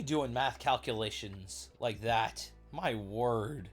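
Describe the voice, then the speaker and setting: Excitable man hosting a Bible livestream. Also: mid-range voice, very slow, long pauses, faint music behind. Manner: chatty, excitable, reacts to chat with outbursts. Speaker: livestream Bible study host. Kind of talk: casual livestream Bible teaching.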